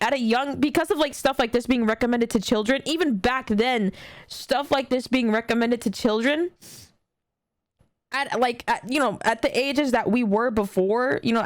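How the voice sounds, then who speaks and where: Slangy young woman streamer, a bit high. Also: no echo. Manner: slangy, frequent swearing and fillers; earnest, talks directly to chat. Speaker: streamer reacting to a video. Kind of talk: casual reaction stream chat.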